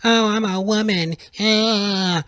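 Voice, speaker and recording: A man's voice: high-pitched, fairly even intonation, takes it slowly, a bit bright, smooth, dry recording, clean studio sound, voice pushed up. A man putting on a whiny grievance-listing complainer. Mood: whiny mockery. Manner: mocking, singsong complaining.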